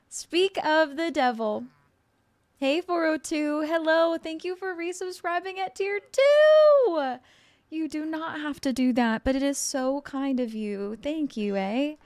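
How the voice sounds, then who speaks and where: A woman's voice: high-pitched, expressive, a little slow, no echo. A woman streamer chatting casually with her viewers in a bubbly, effusive, giggly way. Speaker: livestreamer. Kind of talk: casual livestream chat with viewers.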